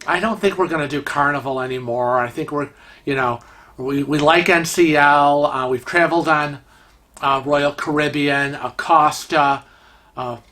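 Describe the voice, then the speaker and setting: A man voicing a blunt middle-aged husband who talks plainly and sounds exasperated while he tries to stay calm. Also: fairly high pitch, normal speed.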